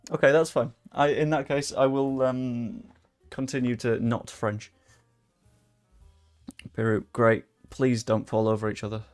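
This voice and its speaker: A young man casually commentating a livestream while he plays, chatty, swearing freely and reacting loudly to the game. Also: medium pitch, level tone, measured pace. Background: faint background music.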